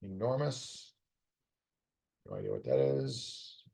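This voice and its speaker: A tired, yawning middle-aged man mutters to himself while solving a puzzle on a live stream, teasing the setter in casual commentary. His voice rumbles low with wildly swooping pitch, a slow pace, vocal fry, a dark tone and a breathy edge.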